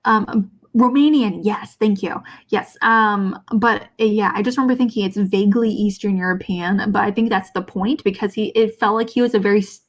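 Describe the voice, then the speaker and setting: A woman co-hosting a movie show in casual chat, hesitant and halting, often restarting her sentences as she searches for words. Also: mid-range voice. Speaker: co-host of a movie discussion show.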